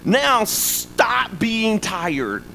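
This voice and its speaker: Bright high-voiced man preaching. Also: extremely slow, vocal fry, slight background noise, poor audio. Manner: animated, humorous, call-and-response asides. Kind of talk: sermon.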